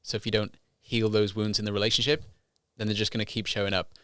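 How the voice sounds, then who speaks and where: A man's voice: lowish voice, flat delivery, fast, a bit bright, smooth, dry recording, studio quality. A British man who is a guest on a podcast, talking frankly and animatedly, acting out other people's lines. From Britain. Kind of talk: casual podcast chat.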